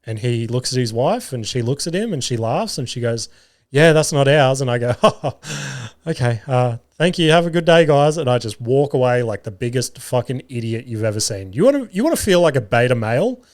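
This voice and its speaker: An Australian man hosting a podcast, telling a self-mocking story in a casual, animated way and swearing often. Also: medium pitch, brisk. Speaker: podcast host. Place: home garage studio.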